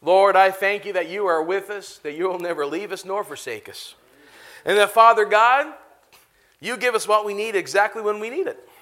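A man's voice: sits high, normal speed, pushed and bright. A man preaching as pastor in a church auditorium, laughing often and calling out to the congregation. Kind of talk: sermon and altar call.

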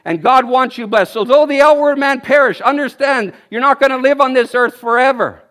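Man in his 50s, very high voice, energetic sermon with exclamations and laughter. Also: fairly quick. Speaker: guest preacher. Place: church service.

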